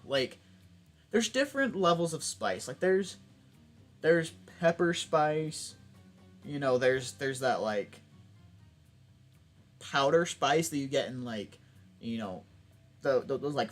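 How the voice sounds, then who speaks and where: A young man chatting casually while playing a video game, rambling and restarting his sentences. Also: fairly high pitch. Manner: rambling, self-interrupting, laughs often. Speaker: gaming YouTuber. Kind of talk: casual let's play chat.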